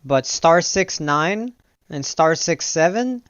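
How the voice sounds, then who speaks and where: A man's voice: fairly high pitch, animated, slow, a bit bright, clean tone, dry recording, muffled recording. A man co-hosting a casual chat show, talking in an easygoing way. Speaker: podcast co-host.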